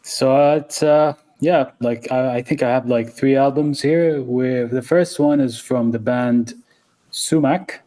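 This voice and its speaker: A man's voice: medium pitch, steady tone, measured pace, mellow. A man co-hosting a casual music podcast, speaking hesitantly with fillers as he describes albums. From Saudi Arabia. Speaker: podcast co-host.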